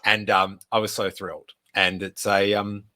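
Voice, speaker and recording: A man's voice: lowish voice, flat delivery, normal speed, background noise. A man, hosting a live stream Q&A and telling a rambling anecdote full of fillers. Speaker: podcast host.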